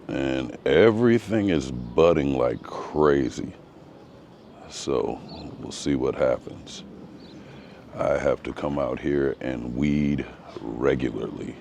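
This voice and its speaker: A man's voice: very deep voice, takes it slowly, vocal fry, a little mellow, slight background noise. A man giving a casual vlog walk-through of his home garden outdoors, talking in a hesitant, rambling way with frequent ums. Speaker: gardening vlogger.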